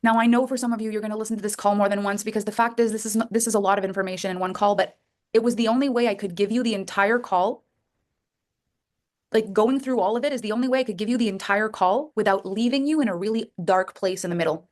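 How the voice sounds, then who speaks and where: A middle-aged life coach speaks quickly on a coaching call, her medium-pitched voice darkish in tone. Addressing listeners, she acts out inner voices with big jumps in her voice.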